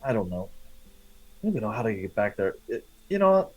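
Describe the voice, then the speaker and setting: A man's voice: fairly low pitch, sing-song, brisk, husky, soft background music, pitched below the performer's own voice. A man voicing an irritable male guard who mutters and stammers, in a tabletop game. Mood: annoyed.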